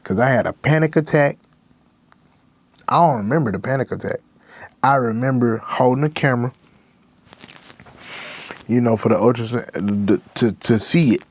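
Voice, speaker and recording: Gravelly young man, raw and emotional. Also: medium pitch, normal speed, long pauses. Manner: raw, emotional, slangy with constant "bro". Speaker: rapper guest. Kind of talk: candid interview talk.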